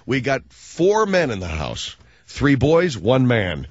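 A man's voice: medium pitch, huge pitch swings, slow pace, dry recording, highs cut off. A man hosting a comedic talk radio show, rambling through a wry monologue.

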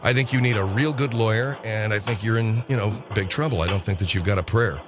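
A man hosting a talk-radio show, questioning callers in a dry, deadpan way and reading out show announcements. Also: on the low side, quick pace, background noise. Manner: dry, probing interviewer, deadpan.

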